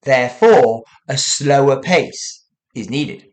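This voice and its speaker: Guy, slow podcast talk for learners, lively ups and downs in pitch. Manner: deliberate, with long pauses. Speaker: podcast host and English teacher.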